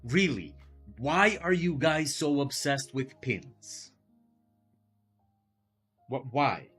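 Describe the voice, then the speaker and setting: A man's voice: medium pitch, sing-song, very slow, a bit bright, husky, faint music behind. A man who teaches, chatting casually and with incredulity during a live art stream, rambling and swearing now and then.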